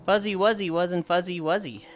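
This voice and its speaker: A man's voice: sits high, steady tone, normal speed, slight background noise. A man streaming while walking, chatting casually, rambling with frequent sighs and casual swearing. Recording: faint music behind.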